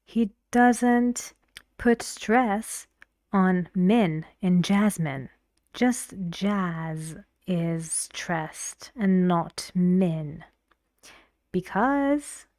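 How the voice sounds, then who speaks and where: A woman gives an online English pronunciation lesson, explaining slowly and encouragingly and occasionally dropping to a half-whisper. Her mid-range voice has a dark tone, captured in clean, dry studio sound.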